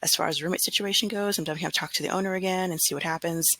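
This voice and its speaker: A woman's voice: lowish voice, steady tone, very fast, fairly bright tone, dry recording, poor audio. A woman in her thirties, a substitute teacher, venting casually and acting out what she told her class. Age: 30s. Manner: exasperated, retells scenes with quoted dialogue.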